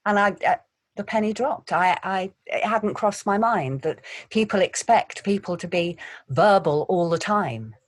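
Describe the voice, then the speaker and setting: A woman, an actor, telling stories in a quiet, measured way in an interview. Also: mid-range voice, expressive. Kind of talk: interview answers.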